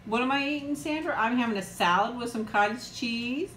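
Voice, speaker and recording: A woman's voice: fairly high pitch, brisk, fairly bright tone, echoey room, a little hiss or hum. A middle-aged woman chatting casually on a live eating stream, greeting viewers by name and laughing often. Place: room at home. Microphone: new external mic, close.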